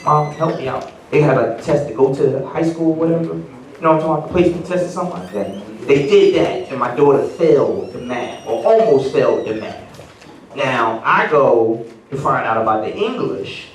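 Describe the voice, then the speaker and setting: A middle-aged male comedian tells stories to a party crowd, and his pitch jumps around with animated energy. He is picked up from a distance in a roomy, echoing venue, with a faint hum of background noise. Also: normal speed. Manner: animated storytelling with voiced quotes. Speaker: stand-up comedian. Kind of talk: stand-up comedy set. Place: party venue with live audience. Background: audience laughter.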